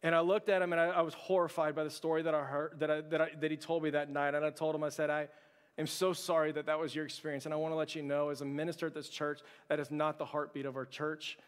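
A man's voice: on the high side, flat delivery, quick pace, clean tone. Earnest preacher man in a reverberant hall. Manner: storytelling, earnest, with restarts. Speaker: pastor. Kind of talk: sermon.

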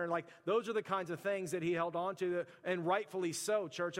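Man, pastor, sermon, fairly high voice, chatty storytelling with lots of "like", long hall reverb. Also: fairly even intonation, brisk, hardly any pauses. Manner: conversational storytelling, heavy use of "like".

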